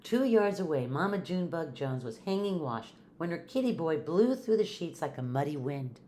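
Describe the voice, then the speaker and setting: An older woman with a notably low voice reads a children's picture book aloud. She is a retired teacher, friendly and lively as she reads for kids at home. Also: normal speed, a little hiss or hum. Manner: friendly, animated reading to kids. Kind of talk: storybook read-aloud.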